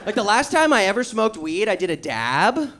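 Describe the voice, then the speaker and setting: High, gravelly stand-up comic guy. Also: moderate pace, crowd noise. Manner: excitable, swearing, acts out his own panic in a raised voice. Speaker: stand-up comedian. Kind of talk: stand-up comedy set. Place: comedy show with a live audience. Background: audience laughter.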